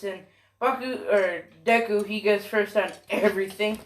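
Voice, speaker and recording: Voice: medium pitch, fairly even intonation, moderate pace. A fan storyteller rambling through an improvised story, swearing often and correcting themselves mid-sentence. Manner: rambling, profane, self-correcting, many fillers.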